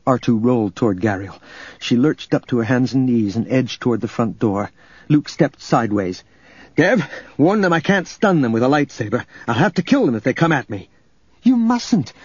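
A man reading a story aloud as narrator, in a steady, measured way. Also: mid-range voice, husky, dry recording. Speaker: audiobook narrator. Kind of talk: scripted narration. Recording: dull lo-fi recording, faint music.

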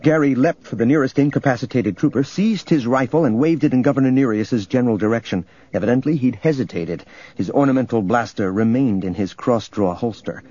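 A man narrating an audiobook in a steady, measured reading. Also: medium pitch, slightly rough, highs cut off. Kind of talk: scripted narration.

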